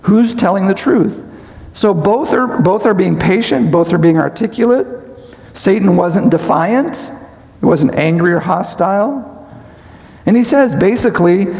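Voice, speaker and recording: High-voiced, gravelly preacher. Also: male voice, lively intonation, unhurried, darkish tone, in a large hall. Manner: questioning, explains step by step. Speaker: conference speaker. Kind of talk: sermon, Bible study lecture. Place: large conference hall.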